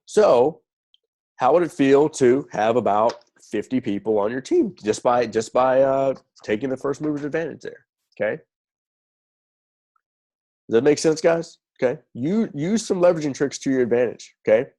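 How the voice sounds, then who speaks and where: A man's voice: medium pitch, animated, normal speed, warm tone. A man teaching a recruiting lesson who keeps checking in with "okay?" and repeats key phrases for emphasis. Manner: checks in constantly with "okay?" and "right?". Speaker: sales recruiting trainer. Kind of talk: recorded training lesson.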